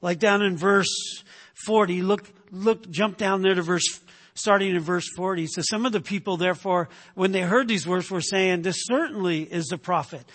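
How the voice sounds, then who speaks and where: A man's voice: sits high, fairly even intonation, moderate pace, a bit bright, long reverb tail. A male pastor preaching a sermon, emphatic, often tagging his points with "right?".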